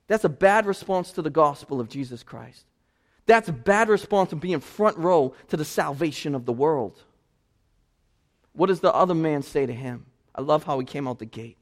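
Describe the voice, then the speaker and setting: A male pastor preaching a sermon, telling personal stories and building to loud, passionate preaching. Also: fairly high pitch, lively intonation, normal speed.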